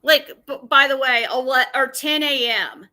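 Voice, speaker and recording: Her voice sits high with a sharp tone and fairly even intonation as she hosts a laid-back livestream. Combative and blunt, this woman curses a lot and speaks haltingly, frequently starting her sentences over.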